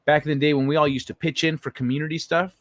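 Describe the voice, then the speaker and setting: A man's voice: on the high side, steady tone, fast, no echo. A man hosting a casual livestream, reading chat messages aloud and answering them in a blunt, profane way.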